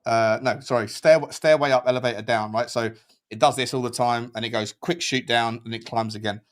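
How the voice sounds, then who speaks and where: A man's voice: medium pitch, fairly even intonation, brisk. A man hosting a casual group chat, chatty and bantering with his guests. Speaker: podcast host.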